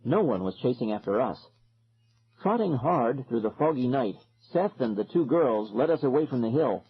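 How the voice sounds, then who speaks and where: A man narrating a horror audiobook in the first person, in a dramatic, expressive way. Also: mid-range voice, moderate pace, husky, dull audio.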